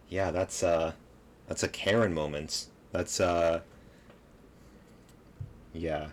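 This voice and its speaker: A man's voice: low voice, steady tone, takes it slowly, long pauses. A man giving casual reaction commentary on a video clip, laughing and mocking, rambling with lots of fillers.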